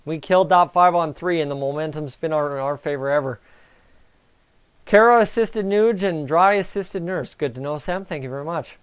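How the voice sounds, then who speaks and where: A Canadian man hosting a live stream, giving excitable, chatty reaction commentary on a hockey game and talking to his viewers. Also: fairly high pitch, moderate pace, clear, resonant tone. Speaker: livestream host.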